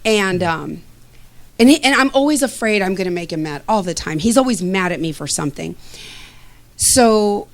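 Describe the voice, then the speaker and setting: A middle-aged woman casually telling a personal story as a testimonial, lively, acting out both sides of conversations and laughing often. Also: mid-range voice, moderate pace. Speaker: student giving a testimonial.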